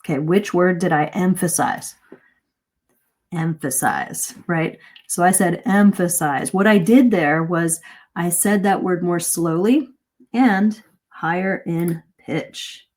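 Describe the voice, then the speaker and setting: Middle-aged woman coach, low-ish voice, animated live-stream lesson. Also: slow. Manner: lively, varies pace and emphasis to demonstrate. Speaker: English speaking coach.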